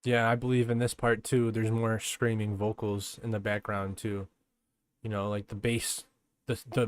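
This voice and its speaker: A man co-hosting a podcast, talking about a song in a relaxed, slangy way. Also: medium pitch. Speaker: podcast co-host. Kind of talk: casual chat.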